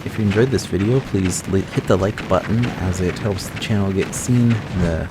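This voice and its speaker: A tired American man giving relaxed, rambling commentary over his gameplay as the host of a gaming channel. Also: deep voice, normal speed, hardly any pauses, noisy background. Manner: relaxed, rambling, self-correcting. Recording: loud game sound effects behind voice.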